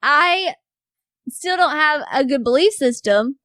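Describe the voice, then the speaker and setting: Woman in her thirties, fairly high voice, animated storyteller, salty language, dry close recording. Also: slow, no echo. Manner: animated storyteller, swears freely, acts out quotes. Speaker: podcast guest. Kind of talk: casual chat.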